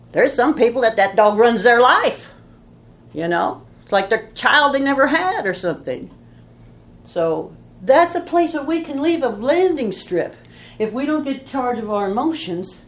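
A woman's voice: on the high side, roomy sound, slight background noise. A woman teaching a Bible study in an informal, folksy way, telling stories and asking rhetorical questions.

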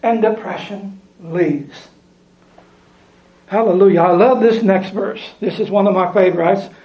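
High-voiced emphatic male preacher. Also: measured pace. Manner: emphatic, repeats lines for stress. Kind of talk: sermon with scripture reading. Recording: echoey room, dull lo-fi sound.

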